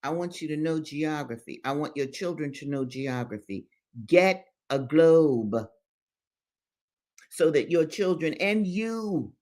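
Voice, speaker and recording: A woman hosting a book-reading show, reading aloud and breaking off into passionate commentary that stresses points by repeating phrases. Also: deep voice. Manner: emphatic, repeats phrases for stress, preacher-like address. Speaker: host reading books aloud.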